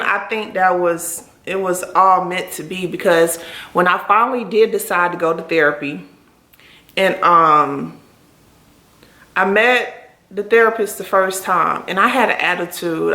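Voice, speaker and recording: A woman's voice: mid-range voice, pushed and bright. A young woman, a burn survivor, talking earnestly and encouragingly to camera and acting out the dialogue she recalls. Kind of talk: heartfelt motivational talk to camera. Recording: echoey room.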